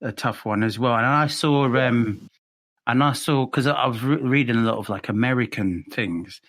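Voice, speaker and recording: A man with an English accent chatting casually as a podcast co-host, halting and restarting often, with laughs between phrases. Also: medium pitch, a bit bright. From England. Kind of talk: casual chat.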